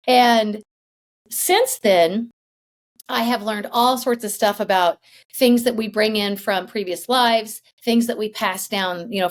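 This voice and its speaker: A woman hosting a podcast, telling a story in a chatty, animated way and laughing as she goes. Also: mid-range voice. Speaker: podcast host. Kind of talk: casual storytelling.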